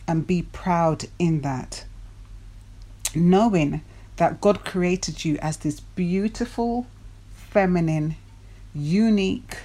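This dating and self-development coach, a woman with a fairly low pitch and dark tone, addresses her viewers with a motivational talk. Rhetorical questions and repeated key words give it emphasis.

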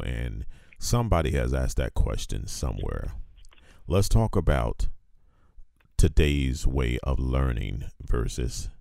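A man hosting an interview, speaking slowly and with emphasis, drawing out key words. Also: a bass voice, gravelly, mellow, dry recording, studio quality. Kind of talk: conversational interview.

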